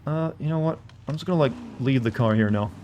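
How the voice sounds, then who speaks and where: A man's voice: medium pitch, fast, a little mellow, lo-fi sound, slight background noise. A man with a Southern US accent, casually rambling and joking with viewers while playing a game. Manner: rambling, jokey, chatting with viewers. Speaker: streamer. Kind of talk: casual gameplay commentary.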